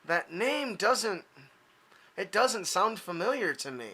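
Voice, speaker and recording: A flustered woman from the lab, stammering and apologizing at every turn, as a man puts her on in a tabletop game. Her voice stays high and bright. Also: very animated, takes it slowly, heavily acted.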